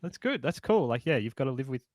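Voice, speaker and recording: A man's voice: medium pitch, sing-song, fast, darkish tone, no room sound. A man co-hosting an interview show, talking casually and enthusiastically with stumbling restarts. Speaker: podcast co-host.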